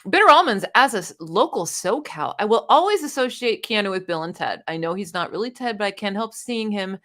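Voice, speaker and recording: A woman's voice: medium pitch, lively intonation, fairly quick, sharp tone. Playful American woman hosting a chat. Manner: playful, teasing, laughs often. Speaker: channel host. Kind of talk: casual chat.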